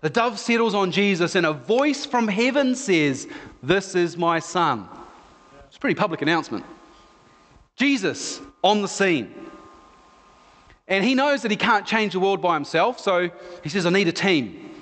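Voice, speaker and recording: A male pastor delivering a conversational sermon full of retold stories. His fairly high voice carries through a large hall with a long, ringing reverb. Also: moderate pace. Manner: conversational, storytelling, animated. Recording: echoey hall.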